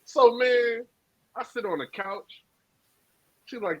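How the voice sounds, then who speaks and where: Man telling a profane, animated story. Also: very high-pitched, slow. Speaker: podcast co-host. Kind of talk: casual storytelling. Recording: dull lo-fi sound.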